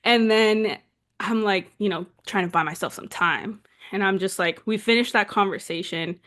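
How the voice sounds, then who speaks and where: A woman in her twenties from Southern California, co-hosting a podcast and telling a story in a casual, animated way, full of "like" fillers. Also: mid-range voice, moderate pace. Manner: animated, chatty, heavy use of "like" fillers. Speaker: podcast co-host.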